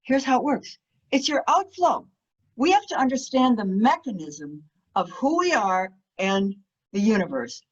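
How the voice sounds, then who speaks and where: A woman giving an enthusiastic storytelling talk as a guest speaker, animated, laughing often, with many fillers. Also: a little high, a little slow. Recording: muffled lo-fi audio.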